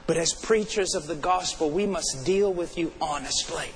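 A male preacher delivering a fervent sermon, swinging between urgent and hushed. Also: on the high side, moderate pace, faint music behind, low-quality recording.

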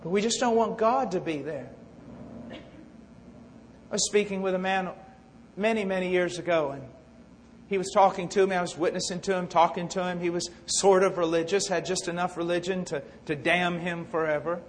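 Male preacher, very high pitch, impassioned sermon, reverb of a large hall. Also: steady tone, normal speed, slight background noise. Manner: impassioned, swings from hushed to loud.

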